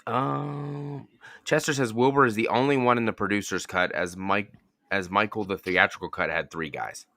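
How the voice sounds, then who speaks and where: A man's voice: fairly low pitch, fairly even intonation, pushed and bright, no room sound, studio quality. A man co-hosting a movie commentary, reading viewer chat and joking around playfully. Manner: playful, joking, quick to laugh.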